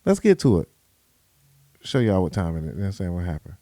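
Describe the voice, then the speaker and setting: A man's voice: sits low, sing-song, fast talker, mellow, no echo, clean studio sound. Slangy podcast host man. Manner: loose, slangy, repetitive. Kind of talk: casual commentary.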